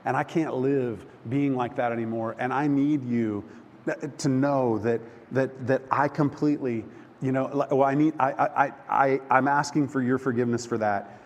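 A man preaching a sermon, telling a personal story with emotion, halting and restarting often. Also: medium pitch, steady tone. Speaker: pastor. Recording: long hall reverb, faint background noise.

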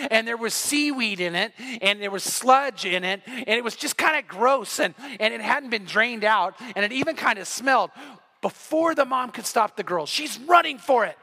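A man's voice: very high voice, bright, forceful tone. A man pastor giving a sermon, telling a story with animation and acting out the quoted voices. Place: church sanctuary.

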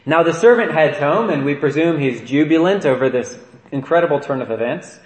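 A man's voice: fairly high pitch, expressive, brisk. A man, a priest, giving a conversational sermon and often checking in with "right?". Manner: conversational preaching with frequent "right?" asides. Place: church. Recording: echoey church room.

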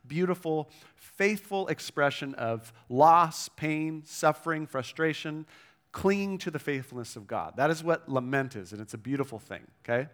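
A pastor preaching a sermon in a conversational way, checking in with the listeners and reading scripture aloud with emphasis. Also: male voice, on the high side, a bit bright. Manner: conversational preaching with frequent "right?" and "okay?" check-ins.

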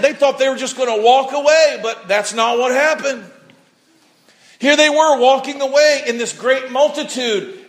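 A man preaching a sermon, telling a story with animated delivery, acting out people's words and rising to shouts at key points. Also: very high voice.

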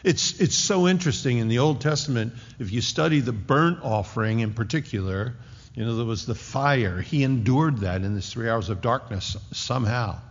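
A man preaching a sermon with a dramatic delivery, rising to loud declarations and dropping to hushed tones. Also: mid-range voice, moderate pace. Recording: dull lo-fi recording in a reverberant hall.

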